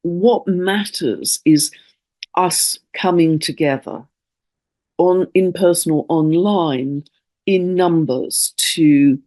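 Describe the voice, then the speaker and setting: A woman's voice: fairly low pitch, slow pace, warm tone. Earnest rambling woman astrologer. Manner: earnest, rambling, with many restarts; emotional, stirred up. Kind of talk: casual spoken monologue.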